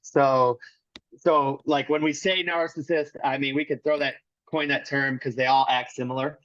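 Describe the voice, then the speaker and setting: A man's voice: mid-range voice, steady tone, normal speed, fairly bright tone, dry recording, dull audio. A man as an interview guest, candidly telling a personal story in a rambling way with many restarts. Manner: rambling, restarts often, acts out quotes.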